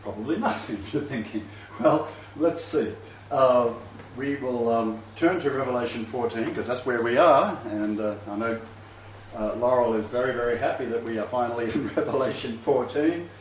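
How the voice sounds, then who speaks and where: A man's voice: medium pitch, moderate pace, slight background noise. A man giving a Bible lecture to a live class, reading verses and adding chatty asides with small chuckles. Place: lecture room. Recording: roomy, distant, dull lo-fi room recording.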